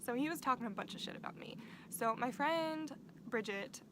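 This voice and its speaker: A young woman vlogger telling a casual storytime, talking fast and swearing freely, saying "like" all the time. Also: on the high side, expressive, background noise. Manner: profane, fast-talking, uses "like" constantly.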